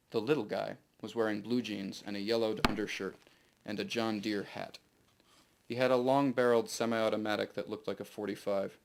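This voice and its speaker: A man reading his own novel aloud to a live audience in steady first-person narration. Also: lowish voice.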